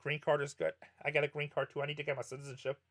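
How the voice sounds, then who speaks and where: His slightly high, somewhat bright voice comes out monotone and rapid-fire. He's a middle-aged man chatting casually on a poker livestream, answering viewer questions and rambling with frequent self-corrections.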